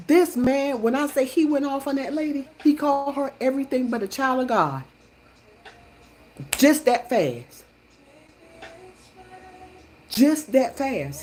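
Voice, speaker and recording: A middle-aged woman hosting her own live stream, telling a story in a rambling, animated way with many restarts. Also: mid-range voice, poor audio. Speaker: livestream host.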